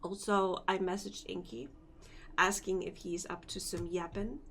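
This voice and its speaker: A woman's voice: lowish voice, level tone, measured pace, gravelly, fairly bright tone, slight background noise. A sleepy, yawning woman streamer chatting casually with her viewers, rambling and repeating herself as she wakes up. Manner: rambling, repeats phrases, talks to chat. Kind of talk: casual live-stream chat.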